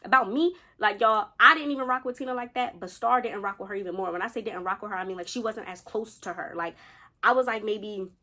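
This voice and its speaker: A woman's voice: mid-range voice, fast, bright, forceful tone. A woman in her twenties casually telling a storytime to her viewers, chatty and direct. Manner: chatty, addresses viewers as y'all. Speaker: vlogger.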